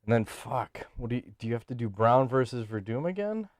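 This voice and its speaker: A brash, foul-mouthed man co-hosting a podcast. He talks in a middling voice, fast and loose, cracking jokes and laughing often. The close mic is dry, with no room sound. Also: mid-range voice, sing-song, no room sound. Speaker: podcast co-host. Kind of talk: casual chat.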